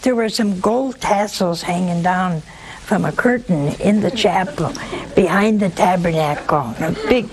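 A woman preaching a sermon, telling a story in a lively, humorous way despite a sore throat. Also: lowish voice, unhurried, poor audio.

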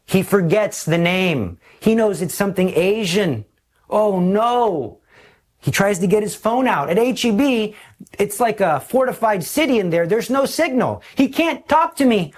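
Preacher, fairly high-voiced man, lively storyteller giving a sermon. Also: unhurried. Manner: animated storytelling, acting out voices.

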